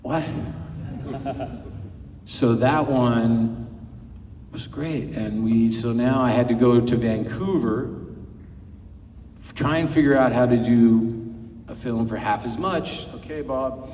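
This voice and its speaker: A man's voice: medium pitch, slow pace, pauses often, darkish tone, a little hiss or hum. Man, fifties, film producer, panel guest, rambling anecdotes, chuckles, far from mic, long hall reverb. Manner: rambling, chuckling, acts out quotes. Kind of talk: anecdotal convention panel storytelling. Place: large convention hall panel.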